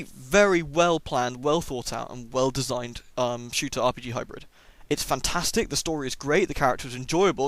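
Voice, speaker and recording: A man's voice: mid-range voice, dry recording. A man who has a cold, chatting enthusiastically through a casual first-impressions game review with plenty of ums. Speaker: gaming YouTuber.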